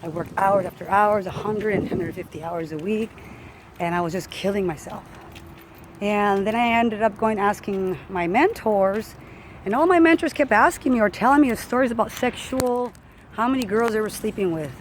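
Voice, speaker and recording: A woman's voice: mid-range voice, moderate pace, slight background noise, low-quality recording. A woman fitness coach telling a personal story in casual talk, acting out what others said. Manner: animated, acts out quoted voices.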